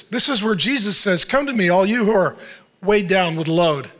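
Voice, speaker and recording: A middle-aged male pastor preaches in a loose, conversational style. He fires rhetorical questions at his listeners and acts out what people might say. His voice sits high and sounds bright and forward. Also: moderate pace. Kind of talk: sermon.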